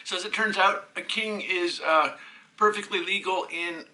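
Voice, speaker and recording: A man's voice: high voice, moderate pace, bright, forceful tone, rough recording. A man recording himself, talking in an agitated, rambling way, swearing often and restarting his sentences. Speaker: self-recording programmer. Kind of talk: rambling self-filmed monologue.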